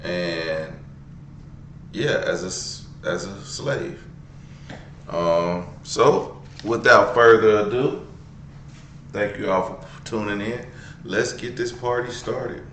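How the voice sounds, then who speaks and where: A man hosting a show, introducing a story in a relaxed, halting way. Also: low-pitched. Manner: relaxed, halting, many fillers. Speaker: show host. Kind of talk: casual stream intro. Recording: roomy, distant mic with faint noise.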